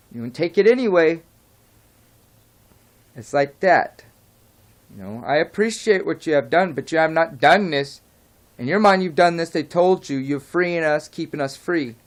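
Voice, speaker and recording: A man vlogging an unscripted rant, his voice sitting a little higher than most men's. He talks heatedly, rambles, drifts off topic and throws in the odd curse before apologizing. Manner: rambling, heated, goes off track; swears and apologizes.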